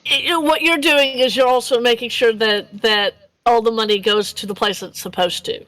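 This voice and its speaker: Woman game master, chatty and giggly, slightly high voice, stumbles over words. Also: fairly even intonation, normal speed, a bit bright, no room sound, rough recording. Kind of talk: casual tabletop game narration.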